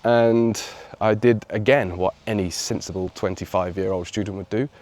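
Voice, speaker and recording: Speaking at a normal speed, an Englishman with a somewhat low voice recounts a personal experience for his video channel. His tone is reflective but turns animated when he repeats what others said.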